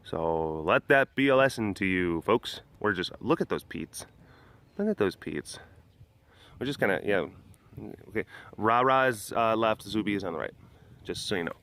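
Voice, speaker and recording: A man's voice: on the low side, expressive, normal speed, a bit bright. A man hosting a casual vlog from outdoors at a big cat sanctuary, where he guides tours. He rambles and jokes, with many fillers and restarts.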